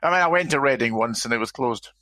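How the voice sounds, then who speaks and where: Bright-voiced dry co-host. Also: male voice, medium pitch, expressive, quick pace, dry recording, poor audio. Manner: dry wit, stumbles and repeats words. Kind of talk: casual sports podcast chat.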